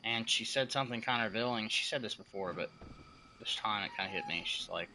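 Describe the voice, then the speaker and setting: A young man with a fairly low but strikingly sharp, bright voice chats casually while streaming a game. He rambles through his story with lots of swearing and emphasis. Faint noise hangs behind him. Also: a little fast.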